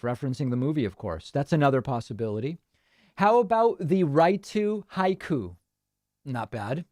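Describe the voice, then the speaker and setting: A man hosts a casual livestream, reading viewer messages aloud and tossing off wry, deadpan asides. His voice sits a bit high for a man. It is recorded dry on a close studio mic. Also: normal speed, dry recording. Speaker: livestream host.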